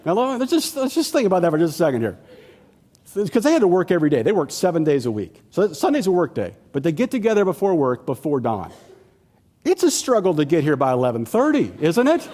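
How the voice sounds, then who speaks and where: Male pastor, animated and funny sermon delivery, slightly high voice that swings widely. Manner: humorous, conversational, acts out quoted voices.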